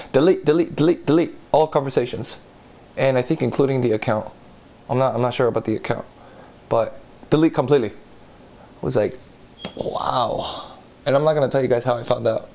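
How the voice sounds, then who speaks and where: Young man, casual storytime, rambling, swears, mid-pitched voice. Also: a little mellow. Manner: rambling, swears, acts out quotes in higher voice.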